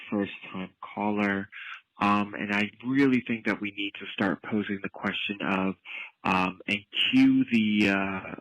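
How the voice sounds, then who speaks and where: A man's voice: lowish voice, fairly bright tone, no echo, rough recording. Male caller, sarcastic rant, faint background music. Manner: exasperated, sarcastic, profane. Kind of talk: ranting voicemail.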